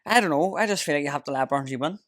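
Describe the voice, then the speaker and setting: A man's voice: fairly high pitch, rapid-fire, fairly bright tone, dry recording, clean studio sound. A man from Ireland, hosting a casual podcast chat and telling stories full of swearing and laughter. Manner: swearing storyteller, laughs often. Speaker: podcast host.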